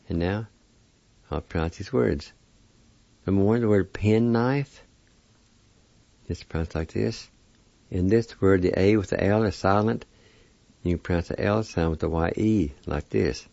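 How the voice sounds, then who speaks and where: A man's voice: low voice, a little slow, gravelly, pauses often, dark tone, dry recording, lo-fi sound. A man teaching a weekly pronunciation lesson on radio, patiently spelling words and repeating each one syllable by syllable.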